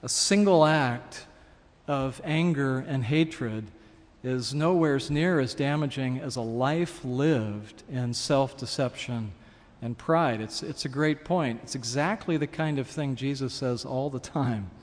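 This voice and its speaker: A man's voice: mid-range voice, takes it slowly, long reverb tail. A man preaching a sermon, earnestly teaching and asking his congregation questions as he reads and explains a passage. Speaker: pastor.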